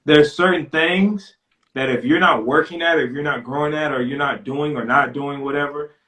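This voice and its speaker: A man's voice: fairly high pitch, normal speed, a bit bright. A man talking earnestly on a casual live stream, often checking in with "right?". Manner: earnest, keeps asking "right?". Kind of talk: casual conversation. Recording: roomy echo.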